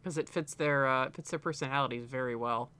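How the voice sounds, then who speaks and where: Bright-voiced man chatting loosely. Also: mid-range voice, fast talker, clean tone. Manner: rambling, laughing, swearing freely. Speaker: streamer co-host. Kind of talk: casual chat.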